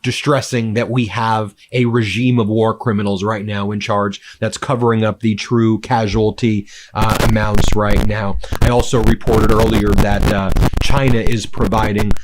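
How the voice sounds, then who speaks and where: A man's voice: on the low side, level tone, normal speed, few pauses, a little hiss or hum. A man doing heated political commentary, indignant and scornful, with many "uh"s.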